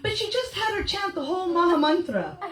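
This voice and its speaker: A middle-aged woman with a very high-pitched, very animated voice speaks fairly quickly to a gathering as a devotional speaker. She tells anecdotes, acting out the people she quotes and laughing often, in an echoey room.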